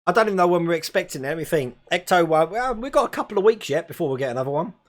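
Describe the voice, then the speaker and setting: Chatty English man, higher voice. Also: animated, racing. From England. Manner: chatty, laughs often, self-deprecating. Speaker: host. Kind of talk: live stream chat reading comments.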